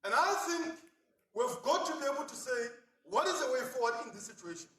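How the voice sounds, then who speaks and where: Male union orator, high bright voice, booming echo from a distance; rally speech. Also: big pitch swings, brisk. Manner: impassioned, repeatedly addressing "comrades", builds to shouts. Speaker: union speaker at a memorial. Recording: echoey public address from a distance.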